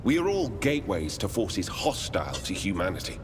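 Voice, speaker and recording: A rigid, guarded Inquisitor speaks in a very low, formal, measured voice. The game audio carries a long reverb tail. A steady rumble sits clearly under his lines. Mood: solemn.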